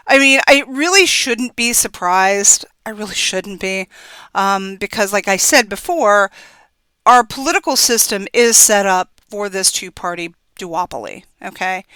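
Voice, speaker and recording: Impassioned woman with a bright, clear voice. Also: on the high side, dry recording. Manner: impassioned, scolding. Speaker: political commentator. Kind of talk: opinion vlog monologue.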